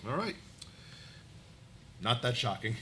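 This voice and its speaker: A man acting as game master, briskly directing players through a live tabletop game. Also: medium pitch, very animated, pushed and bright. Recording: live event with faint room noise.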